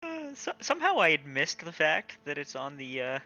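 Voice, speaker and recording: A man playing in an online tabletop game, quick to laugh and reacting loudly in casual chat. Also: fairly high pitch, huge pitch swings, no room sound, muffled recording. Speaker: player.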